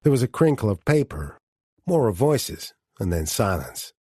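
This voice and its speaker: A man narrating a first-person audiobook in an even, measured way. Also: on the low side, breathy edge, no room sound, studio quality.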